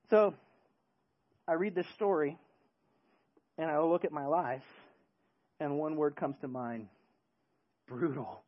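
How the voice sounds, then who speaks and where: A man preaching a sermon, moving from hushed storytelling to loud, emphatic preaching, with joking asides. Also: on the high side, takes it slowly, long pauses, dull audio. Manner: joking, self-deprecating asides. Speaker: pastor.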